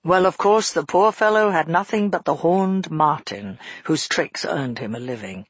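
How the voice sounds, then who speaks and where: Man voicing an earnest father telling a tale, measured, slightly husky, fairly high voice, dry close sound. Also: expressive, no echo. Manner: measured, earnest storytelling in first person. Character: grown father recounting a frightening past, shaken. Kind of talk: audiobook narration.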